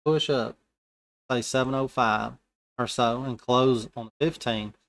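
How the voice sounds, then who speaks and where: A man thinks aloud through his futures trades live, his talk loose, slangy and conversational. He speaks at a measured pace with an ordinary pitch and some vocal fry.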